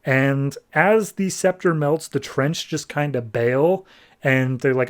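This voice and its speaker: A man's voice: mid-range voice, takes it slowly. A man hosting a podcast, recapping a comic book in a chatty, rambling way with fillers. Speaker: podcast host.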